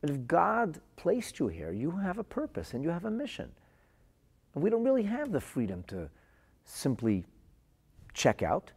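A man's voice: mid-range voice, sing-song, fairly quick, vocal fry, few pauses, darkish tone, slightly rough, full character voice. A man voicing a fervent pleading doctor. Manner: fervent, insistent. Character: earnest male hospital doctor urging a patient.

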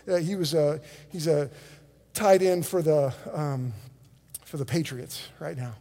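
A man preaching a sermon as pastor, emphatic, with dramatic pauses, repeated words and restarts, and quotes he acts out. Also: fairly high pitch, steady tone, dark tone. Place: church sanctuary. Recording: long reverb of a church hall.

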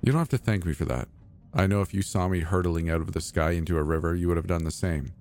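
A man voicing a gentle, patient young man who speaks softly and reassures a frightened friend. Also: low voice, fast talker. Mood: tender. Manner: soft, patient, quietly encouraging.

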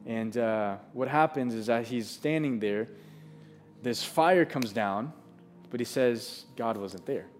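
A man's voice: mid-range voice, slow pace, faint music behind. Earnest man preaching a sermon. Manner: earnest, conversational preaching with restarts. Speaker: pastor.

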